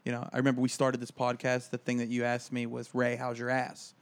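A man's voice: medium pitch, completely flat delivery, fairly quick. A man co-hosting a casual comedy podcast, telling a rambling, self-deprecating story. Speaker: podcast co-host.

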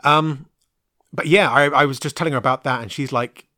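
Male podcast host, 30s, rambling chatty review, lots of ums, dry close sound, mid pitch. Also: a little fast, sharp tone, no echo. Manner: rambling, frequent ums and restarts, frank with mild swearing. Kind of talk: casual solo podcast film review.

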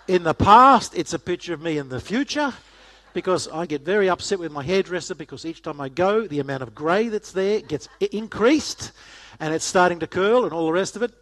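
A man's voice: high voice, fairly bright tone. A middle-aged man giving a casual, joking talk to a church audience, often asking them questions. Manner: jokey, chatty, asks the audience questions. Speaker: guest speaker.

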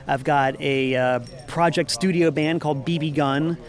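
A musician who once owned a record store talks in a rambling, upbeat way during a casual interview in the parking lot outside a venue. His voice is fairly high and steady, at a moderate pace.

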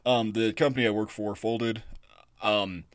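A young man with a low voice co-hosts a podcast and spins a loose, rambling story full of "like" and "um". The sound is close and dry, with no room around it. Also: steady tone, a little slow, no room sound. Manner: rambling, filler-heavy storyteller. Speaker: podcast co-host. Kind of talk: casual chat, storytelling.

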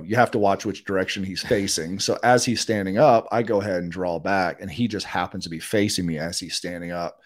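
Deep-voiced man telling a story. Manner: animated, acts out quotes of others. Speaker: interview guest. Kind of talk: casual storytelling in a podcast interview.

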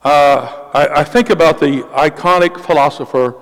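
Emphatic high-voiced male pastor preaching. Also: in a large hall, rough recording. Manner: emphatic, repeats key phrases, slows down for emphasis. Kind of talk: sermon.

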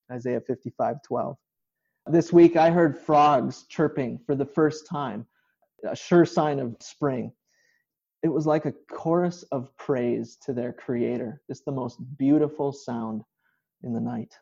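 A man's voice: medium pitch, fairly even intonation, unhurried, vocal fry, mellow, breathy edge, lo-fi sound. A male pastor giving an informal online sermon from a home kitchen, explaining scripture in a conversational way.

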